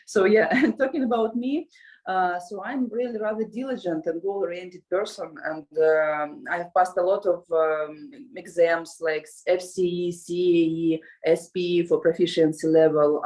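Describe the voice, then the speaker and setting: A woman with a Russian accent speaks in a somewhat low voice. She answers interview questions casually as a language school co-founder. She often hesitates, restarts and fills pauses with "uh". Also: darkish tone, rough recording. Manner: hesitant, many fillers and restarts.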